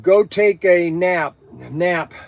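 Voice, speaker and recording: Excitable high-voiced man hosting a livestream. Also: very slow, vocal fry, dry recording. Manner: excitable, rambling, laughing, teasing. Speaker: livestream host of a toy shop. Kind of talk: casual livestream chat, reading viewer comments.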